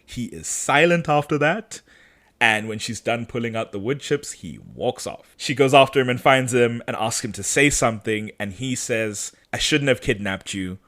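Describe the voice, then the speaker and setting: A man co-hosts a podcast in an animated, chatty way, often breaking into laughter. His pitch swings widely as he recaps, keeping the energy high and playful. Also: moderate pace. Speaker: podcast co-host. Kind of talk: casual episode recap chat.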